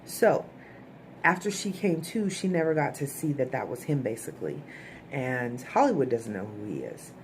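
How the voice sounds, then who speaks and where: A woman's voice: extremely low pitch, big pitch swings, moderate pace, a little hiss or hum. A woman giving a casual, chatty recap of a TV episode to her viewers, often checking in with "okay?" asides. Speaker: TV show reviewer.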